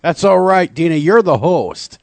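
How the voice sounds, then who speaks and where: A man's voice: on the high side, animated, unhurried, darkish tone, no room sound. A man hosting a radio talk show, joking with his co-host and asking the guest questions. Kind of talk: casual interview chat.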